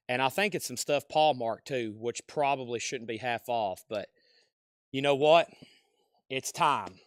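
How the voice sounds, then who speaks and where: A man hosting a live record sale who rattles off bids and prices in quick auctioneer fashion while moving around the shop. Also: medium pitch, a bit bright, no room sound, studio quality. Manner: rapid auctioneer-style bid calling. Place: record store.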